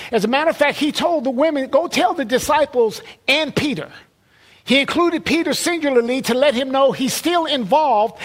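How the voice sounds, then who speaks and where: Male preacher with a very high voice, conversational sermon delivery, stumbles and repeats words.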